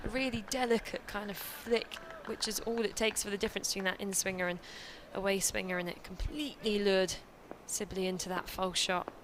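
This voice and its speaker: Woman co-commentating on cricket, mid pitch, sharp analysis, bit playful, faint crowd hum. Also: steady tone, a little fast, hardly any pauses. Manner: articulate, analytical, lightly playful.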